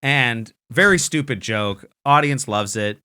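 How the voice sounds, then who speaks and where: A man telling an anecdote on a comedy podcast in loose, rambling casual chat. His voice is bright and forward, his pitch sits in a middle range, and he keeps stopping to restart his sentences. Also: measured pace, smooth. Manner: rambling, lots of fillers and restarts. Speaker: podcast host.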